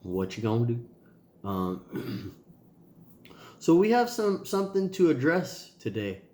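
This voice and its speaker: A man's voice: mid-range voice, very animated, takes it slowly, darkish tone, reverberant. A man with a nasal voice, a tired and sore father talking casually to his kids in a rambling video diary. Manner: rambling, loose, with many ums and sighs.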